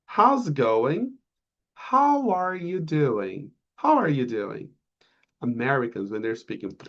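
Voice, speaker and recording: A man teaching an introductory class, drawing out model phrases slowly for students to repeat, on slightly muffled audio. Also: medium pitch, sing-song. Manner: slow, drawn-out model phrases for repetition. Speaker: English teacher. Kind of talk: online English lesson.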